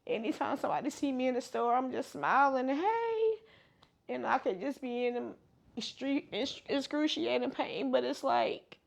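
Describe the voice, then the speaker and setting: A young woman speaks in an emphatic interview testimony, hammering each point home through repetition. Her voice sits a little high and carries a gravelly edge. She sounds close to tears. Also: normal speed. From Georgia, US. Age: young adult.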